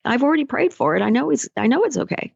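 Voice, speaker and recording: A woman's voice: on the high side, sing-song, fast, creaky, darkish tone, husky, no echo, muffled recording, voice pushed up, full character voice. A woman voicing a stubborn man stranded on a sinking boat who keeps refusing help. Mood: stubbornly insistent.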